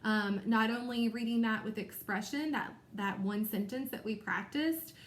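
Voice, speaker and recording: A woman teacher talks young readers through a picture book in a recorded lesson. Her voice sits a little high, and she explains each step clearly and encouragingly. The room around her gives a noticeable echo. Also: normal speed. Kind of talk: recorded small-group reading lesson.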